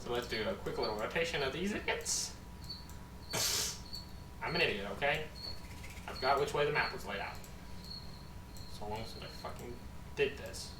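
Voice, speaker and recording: A man narrating as game master of a tabletop game, animated, swearing and mocking himself. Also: medium pitch, normal speed, long pauses. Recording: echoey room, far from mic, background noise.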